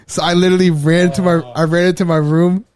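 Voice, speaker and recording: A man co-hosting a podcast, telling a story in casual chat, animated and profane, acting out quotes and laughing often. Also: high-pitched, quick pace. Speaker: podcast co-host.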